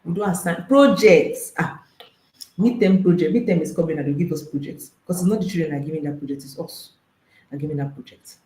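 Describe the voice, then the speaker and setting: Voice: medium pitch, brisk, dark tone, roomy sound, low-quality recording. A marriage and intimacy coach, speaking to an audience, emphatic and repeating phrases, firing off rhetorical questions.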